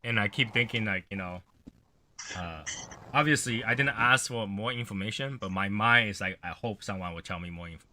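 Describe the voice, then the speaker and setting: A man's voice: lowish voice, brisk, pushed and bright, a little hiss or hum. A man hosting a casual livestream chat, rambling in a gloomy, offhand way and swearing now and then. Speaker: livestream host.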